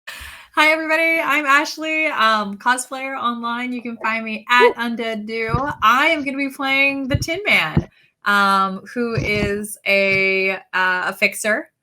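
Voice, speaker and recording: A woman's voice: fairly high pitch, fairly even intonation, measured pace, bright, forceful tone. A woman cosplayer introducing herself and her character in an easygoing way. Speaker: player, cosplayer. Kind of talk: casual self-introduction.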